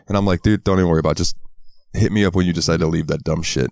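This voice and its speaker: A male podcast co-host from the American South tells stories in a casual chat, swearing often and acting out quotes in a raised voice. His voice sits low with a steady tone, rapid-fire and a little mellow. The recording is dry.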